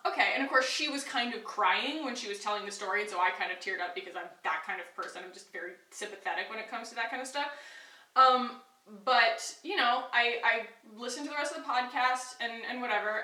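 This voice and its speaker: A woman's voice: medium pitch, sharp tone. A young adult woman vlogger telling a personal story in a chatty, rambling way, full of fillers. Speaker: beauty vlogger. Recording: echoey room, a bit far from mic.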